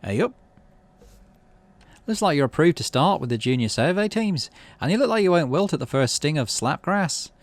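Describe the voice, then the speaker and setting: A man's voice: a little high, big pitch swings, moderate pace, no echo, voice pushed up. A man voicing a tough, teasing woman survey leader in a put-on Northern Irish accent, with a drawl. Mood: gruff teasing.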